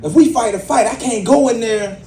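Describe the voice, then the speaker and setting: A man, giving an impassioned, rhythmic, preacherly speech to a crowd at a community event, building to loud emphatic peaks. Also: very high-pitched, normal speed, slight background noise. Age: 40s. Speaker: exonerated speaker at a book launch. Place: community event hall with audience. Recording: echoey hall, mic from far off.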